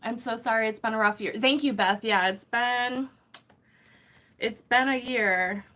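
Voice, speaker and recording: A young woman with a slightly high voice talks casually on a home live stream. She greets viewers by name and apologizes a lot. Her voice is caught by a camera mic set some distance away across the room. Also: unhurried, sharp tone. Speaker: YouTuber hosting a live stream.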